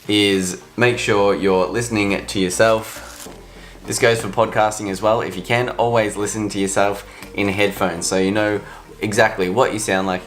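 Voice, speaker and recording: An upbeat, chatty man gives voiceover tips, standing at a microphone in a furnished room. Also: on the low side. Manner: chatty, upbeat, laughs at himself. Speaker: vlogger giving voiceover tips. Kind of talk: casual tips vlog. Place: room with couches and chairs. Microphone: studio microphone, standing. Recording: roomy echo, faint music.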